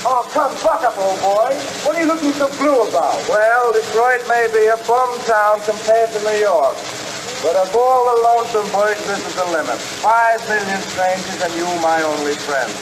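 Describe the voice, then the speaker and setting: An actor playing a jaunty young man-about-town and practical joker, in a brisk, theatrical 1913 stage delivery full of hearty exclamations. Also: high voice, lightly acted. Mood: jovial. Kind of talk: 1913 silent-era stage acting. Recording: scratchy, noisy 1913 film soundtrack.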